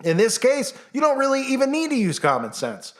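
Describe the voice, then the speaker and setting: A man's voice: very high-pitched, huge pitch swings, brisk. A man hosting a commentary vlog, ranting in a scornful, sarcastic way and firing off heated rhetorical questions. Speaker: channel host.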